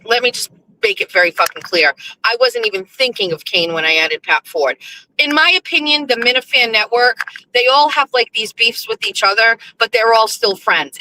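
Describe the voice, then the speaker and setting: Woman, show host, bright tone, profane rant, jumps between low mutters and high outrage. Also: low-quality recording. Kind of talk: casual monologue on a livestream show.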